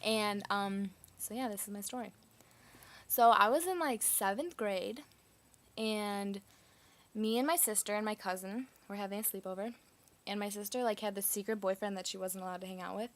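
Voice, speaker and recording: A woman recounting a personal story in a loose, chatty way. Her sentences spill out with "like" and "um" scattered throughout, and her pitch sits at an ordinary middle height for a woman. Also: moderate pace. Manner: chatty, lots of "like" fillers.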